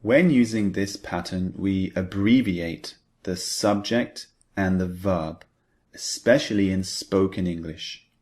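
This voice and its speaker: A man teaching an English speaking pattern, explaining slowly and deliberately with spoken example sentences. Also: low-pitched, darkish tone. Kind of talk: scripted language lesson.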